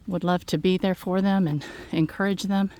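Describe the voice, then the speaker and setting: A woman, slightly out of breath, talking gently and haltingly to her viewers outdoors on a phone. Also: fairly low pitch, fairly even intonation. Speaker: farm vlogger. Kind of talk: casual heartfelt talk to viewers. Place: outdoors in fog. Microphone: handheld phone.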